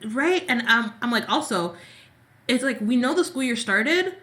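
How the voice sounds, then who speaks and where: A woman's voice: on the high side, animated, moderate pace, fairly bright tone. A woman co-hosting a casual soap opera recap, talking in long, exasperated run-on rants. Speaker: podcast co-host.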